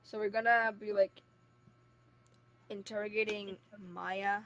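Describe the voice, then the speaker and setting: A young woman streaming a game, chatting casually and reading its dialogue aloud on a low-quality mic. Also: little pitch movement, measured pace, lo-fi sound, noisy background. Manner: chatty, full of "like" and restarts.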